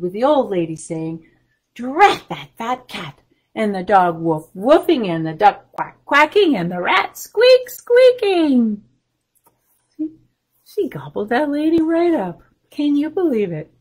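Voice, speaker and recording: Animated woman reading a picture book. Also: on the high side, moderate pace, husky. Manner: animated, asks the children questions. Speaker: children's librarian.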